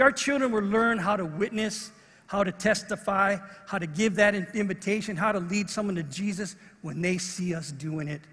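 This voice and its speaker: A middle-aged man preaches with a high, husky voice that rings out through a large hall. He tells a story in an animated way and acts out the people in it. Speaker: pastor. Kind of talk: sermon with a personal story. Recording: long reverb of a large hall.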